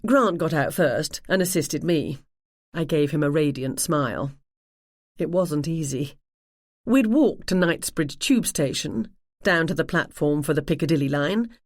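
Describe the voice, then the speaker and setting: A woman's voice: deep voice, no room sound, clean studio sound. Wry woman narrating a cozy mystery. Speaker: audiobook narrator. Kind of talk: first-person mystery narration.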